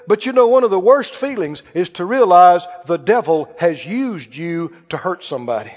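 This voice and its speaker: High-voiced preacher in a ringing hall. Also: male voice, lively intonation, normal speed, few pauses, a little mellow. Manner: conversational preaching, quizzes the congregation. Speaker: pastor. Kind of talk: sermon. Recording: muffled, reverberant hall.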